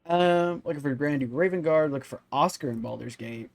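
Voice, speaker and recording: A man's voice: on the high side, a little fast, vocal fry, no room sound. A man hosting a let's-play video, rambling and thinking aloud with many fillers. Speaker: gaming channel host.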